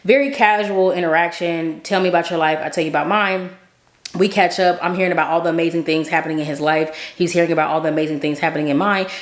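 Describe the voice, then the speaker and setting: A woman's voice: on the low side, fairly even intonation, quick pace. A young adult woman vlogger telling a story casually, chatty, with lots of fillers and frequent asides of "right?". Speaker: faith vlogger. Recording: roomy echoey room.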